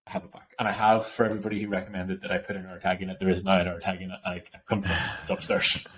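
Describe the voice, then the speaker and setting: Fast-talking guy on a podcast. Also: deep voice. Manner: animated storyteller, laughs often, swears casually. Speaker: podcast co-host. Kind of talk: casual chat.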